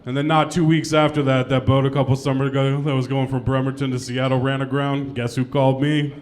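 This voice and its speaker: A man's voice: medium pitch, little pitch movement, a little fast. A young adult man doing a self-deprecating stand-up comedy set on a club stage, laughing at his own jokes.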